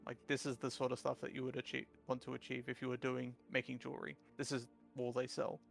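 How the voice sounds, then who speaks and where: A man's voice: medium pitch, monotone, fast, creaky, soft background music. A man narrating a tabletop game as dungeon master, rambling with many fillers.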